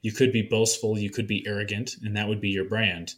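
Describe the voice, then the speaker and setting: Male podcast guest, lower register, candid, easygoing delivery with fillers. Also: brisk. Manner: relaxed, candid, frequent fillers. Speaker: podcast guest, marketing consultant. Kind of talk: casual podcast conversation.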